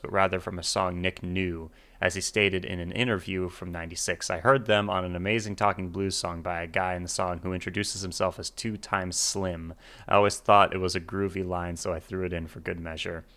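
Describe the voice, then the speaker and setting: A man with a very low, deep voice hosts a casual music reaction video. He reads notes aloud and lets his remarks trail off quietly between them. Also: steady tone, brisk. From United States. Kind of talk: casual reaction commentary reading annotations.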